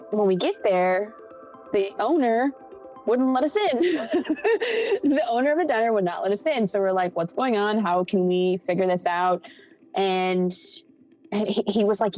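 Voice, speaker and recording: A woman's voice: medium pitch, moderate pace, dark tone, no room sound, soft background music. A young woman from Buffalo, New York, a film assistant director, telling a story in a casual interview. She acts out the people she quotes and laughs often.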